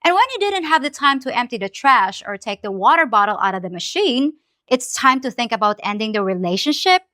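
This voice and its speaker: A woman's voice: on the high side, sing-song, brisk, sharp tone, no room sound. A woman commentator responding with incredulous sarcasm.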